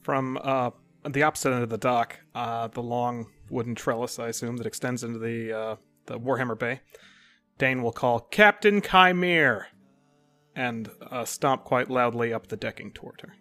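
A man narrates his character's actions at a mid pitch, wandering through fillers and restarts. Faint music plays underneath. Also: flat delivery, normal speed, fairly bright tone. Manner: rambling with many fillers and restarts. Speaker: player.

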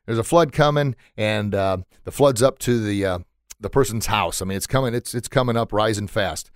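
A man hosting a motivational podcast, earnest and energetic, repeating his points for emphasis. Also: lowish voice, normal speed, clean tone, dry recording, studio quality. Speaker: podcast host.

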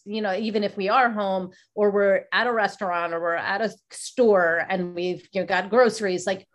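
Woman interview host, middle pitch, rambling casual questioner. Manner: rambling long questions with many fillers. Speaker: podcast host.

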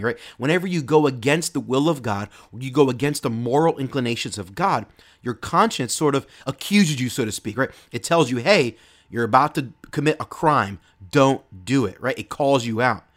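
A man's voice: medium pitch, expressive, fairly quick. A man preaching a sermon in an earnest way, often repeating words and restarting phrases.

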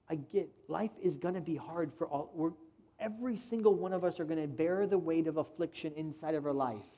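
A man's voice: on the high side, dark tone, husky. A man preaching a sermon in a direct, conversational way, putting questions to the congregation. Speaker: pastor.

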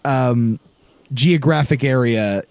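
A man co-hosting a casual film podcast, talking in an exasperated, lively way and swearing freely. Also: mid-range voice, slow pace, creaky, smooth, no room sound. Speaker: podcast co-host.

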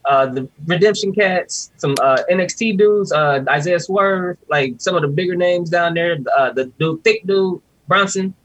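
A man's voice: high voice, moderate pace, few pauses, fairly bright tone, rough recording. A man co-hosting a casual podcast, eagerly filling in details. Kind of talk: casual chat.

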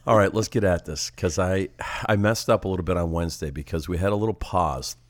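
An older man, an evangelist co-hosting a ministry podcast, chats casually in a low voice at a brisk pace. He poses animated rhetorical questions, and his nose sounds slightly congested.

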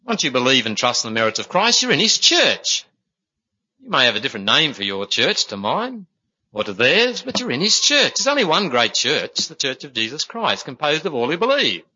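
A man's voice: medium pitch, sing-song, moderate pace, bright, forceful tone, husky, highs cut off. A man preaching a sermon in an earnest, folksy way, telling stories and calling his listeners "my friends.".

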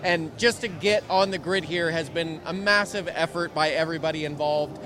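Halting racing driver over crowd noise. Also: male voice, on the high side. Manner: halting, with many repeated words. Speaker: race driver and team manager. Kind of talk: pit lane interview. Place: on a crowded racing grid outdoors. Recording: loud crowd behind.

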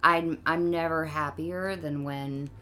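Slow-talking Southern-drawled woman. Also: low-pitched, fairly even intonation, a little hiss or hum. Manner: soft, sweet drawl, unhurried. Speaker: photographer guest. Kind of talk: casual interview chat. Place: living room couch.

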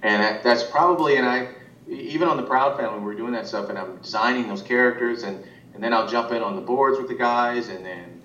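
A man's voice: fairly quick, a bit bright, distant mic. A man working as an animation director, talking casually in an interview, rambling with many restarts and fillers. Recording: roomy, muffled sound from off-mic with faint rumble.

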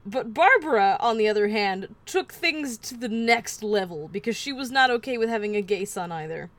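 A woman's voice: mid-range voice, animated, moderate pace, fairly bright tone. A woman podcast host telling a true-crime story in casual chat, wry with offhand asides.

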